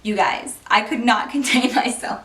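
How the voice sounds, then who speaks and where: A young woman vlogger telling a personal story in a casual, animated way, swearing and laughing often. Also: on the high side, moderate pace. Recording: roomy, distant from the mic.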